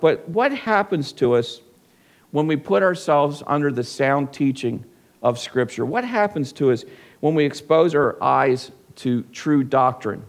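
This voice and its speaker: A man's voice: mid-range voice, animated, moderate pace. A male pastor delivering a sermon in a church service, reading scripture and asking the congregation rhetorical questions.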